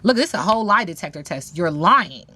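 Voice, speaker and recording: A woman's voice: fairly low pitch, very animated, quick pace, pushed and bright, no echo. A woman giving a casual tarot reading, talking in a sassy, slang-heavy way with playful teasing asides to viewers. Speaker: tarot reader.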